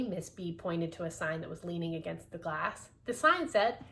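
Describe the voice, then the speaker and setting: A woman's voice: lowish voice, moderate pace, creaky, a bit bright. A woman reading a children's book aloud, with playful asides to her listeners. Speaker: reader.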